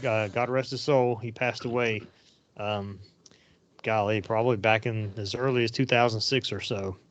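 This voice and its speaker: A man with a fairly low, steady voice hosts a podcast at a moderate pace, telling meandering anecdotes in casual chat with frequent fillers. The sound is dry, dull, and lo-fi.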